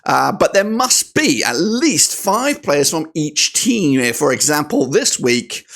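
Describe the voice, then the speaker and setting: Male football channel host, higher-pitched voice, quick and chatty. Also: creaky. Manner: energetic, chatty, leans on "of course". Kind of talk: casual YouTube match preview.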